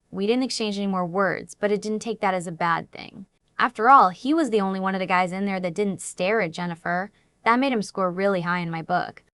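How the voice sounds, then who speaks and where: A woman's voice: medium pitch, a bit bright, no echo. Woman narrating a dramatic story, dry sound. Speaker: audiobook narrator. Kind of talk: dramatic first-person story reading.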